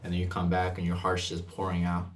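A man speaking earnestly and gently about faith in a casual conversation. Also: sits low, monotone, fast talker, distant mic, slight background noise.

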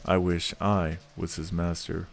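A domineering wife scolds and shrieks in a shrill, furious voice, as a male narrator puts her on. The storybook reading stays slow and heavy. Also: level tone, gravelly, a little hiss or hum.

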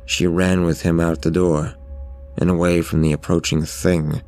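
A man narrating a scripted horror story in a measured, steady way. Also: sits low.

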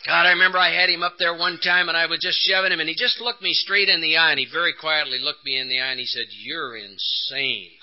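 A man's voice: on the high side, steady tone, fast talker, hardly any pauses. An older man, telling his recovery story at a conference in an earnest, emotional way and acting out the dialogue. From Texas, USA. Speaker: conference speaker. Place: conference hall. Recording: dull lo-fi 1980s conference tape.

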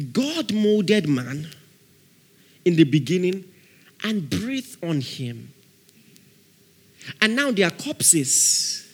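A man preaching a sermon with fervor, calling out to his congregation and rising at times to shouts. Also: high voice. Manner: fervent, calls out to the congregation.

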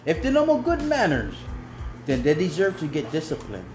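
A man chatting with friends, his high voice leaping all over the place as he laughs and swears. The room rings with echo, and music plays behind him. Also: huge pitch swings, normal speed. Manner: loud, laughing, swearing freely. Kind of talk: casual chat.

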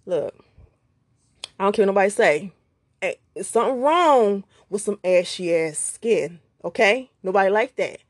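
A woman's voice: mid-range voice, moderate pace, no echo, clean studio sound. A woman vlogging to her viewers in a casual monologue, joking and blunt, swearing often. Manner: blunt, profane, joking, lively. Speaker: vlogger giving life advice.

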